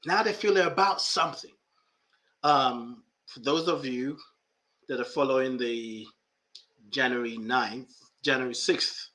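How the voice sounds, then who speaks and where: A man with a fairly high, sharp-toned voice hosts a podcast as a life coach. In a reflective monologue, he speaks emphatically and addresses his listeners directly.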